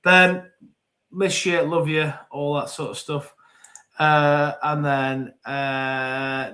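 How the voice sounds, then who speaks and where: A man's voice: a little high, slow pace, pushed and bright. A man in his forties hosting a live football podcast, reading out viewer comments in a chatty, rambling way and often repeating words. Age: 40s. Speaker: podcast host.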